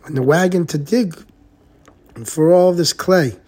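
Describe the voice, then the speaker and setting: Husky, high-voiced rabbi telling a story. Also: male voice, unhurried. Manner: animated, expressive storyteller who often repeats words. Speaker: rabbi giving a Torah class. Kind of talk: storytelling Torah class, reading and translating a text.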